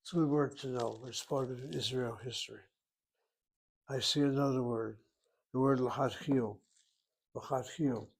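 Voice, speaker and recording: A man's voice: medium pitch, fairly even intonation, normal speed, creaky, long pauses, breathy edge. A man teaching a recorded language lesson, working through each word aloud, step by step and methodically. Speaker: Hebrew teacher.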